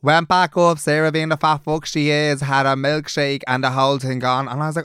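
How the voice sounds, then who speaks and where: A man's voice: on the high side, little pitch movement, a little fast, a bit bright, clean tone, no room sound, clean studio sound. A young man with a Dublin accent, co-hosting a podcast and telling a story in casual chat, swearing a lot and acting out the people he quotes. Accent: Irish, Dublin. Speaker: podcast co-host.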